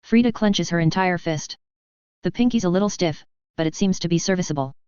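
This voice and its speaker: A woman's voice: lowish voice, brisk, darkish tone, smooth, no echo. A woman reading first-person fan fiction aloud in a casual, wry way, with dry asides. She speaks close to the mic, and the recording is slightly dull and lo-fi. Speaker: reader.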